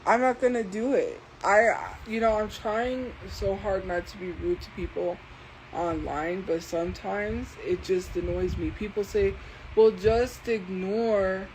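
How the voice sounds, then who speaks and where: A woman's voice: medium pitch, fairly even intonation, measured pace, slight background noise, low-quality recording. A woman hosting a livestream, talking back to her chat in a defensive, exasperated rant. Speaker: livestream host. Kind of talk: casual livestream ranting.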